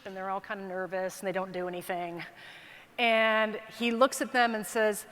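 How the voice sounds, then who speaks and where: A woman's voice: medium pitch, normal speed, slight background noise. Woman on stage telling a funny story, chatty asides, big echoey conference hall. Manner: animated anecdotal storytelling with asides. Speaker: keynote speaker. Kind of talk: storytelling keynote speech.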